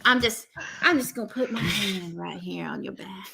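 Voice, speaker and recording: A woman putting on a man's voice, whispering smoothly as he flirts. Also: medium pitch, normal speed, a crowd in the background, close to an everyday voice. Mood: sly flirt. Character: man sweet-talking a woman, sly.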